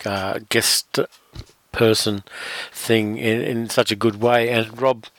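A man's voice: fairly low pitch, fairly even intonation, takes it slowly, fairly bright tone, no echo. Filler-heavy male podcast host, dry sound. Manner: rambling, filler-heavy, self-correcting. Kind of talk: casual podcast chat.

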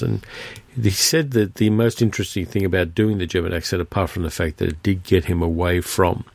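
Deep, gravelly man hosting a film podcast. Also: darkish tone, no echo. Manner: conversational, rambling, with frequent fillers and restarts. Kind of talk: casual spoken film review.

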